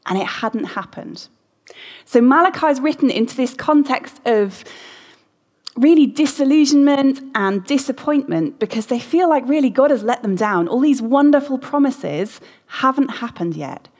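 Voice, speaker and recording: A woman's voice: high voice, animated, normal speed, a little mellow. A woman preaching a sermon in a conversational way, asking the congregation questions as she goes. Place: church hall. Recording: long hall reverb.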